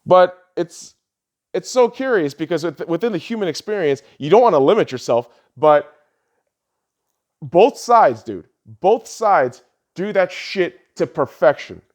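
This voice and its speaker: A man hosting a podcast, ranting heatedly and swearing often, his voice lurching between loud outbursts and low mutters. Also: lively intonation, measured pace. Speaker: podcast host. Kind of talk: ranting political commentary.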